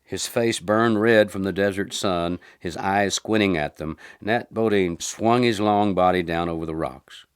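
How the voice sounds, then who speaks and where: A man narrating western short stories as an audiobook in an unhurried, low-key way. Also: clean tone, dry recording, clean studio sound.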